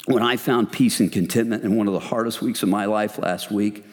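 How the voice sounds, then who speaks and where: A middle-aged man leading a men's ministry, preaching in an earnest, conversational way with animated retellings. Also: lowish voice, brisk. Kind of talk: sermon. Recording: long hall reverb.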